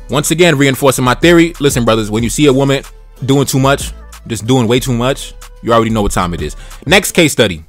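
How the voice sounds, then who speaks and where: A man's voice: mid-range voice, brisk, a bit bright, faint music behind. Blunt, slangy young man commentator. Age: 20s. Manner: blunt, slangy, repeats phrases for emphasis. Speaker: YouTube commentator. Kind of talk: reaction commentary.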